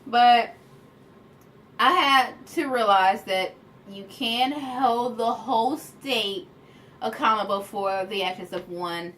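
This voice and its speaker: Animated woman vlogger with a high voice, playful storytime delivery, faint background noise. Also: slow pace. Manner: animated, playful, addresses viewers as y'all. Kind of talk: casual storytime chat.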